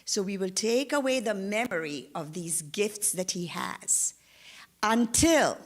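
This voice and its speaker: A woman voicing a group of wise old sages, speaking in a measured, deliberate way. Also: medium pitch.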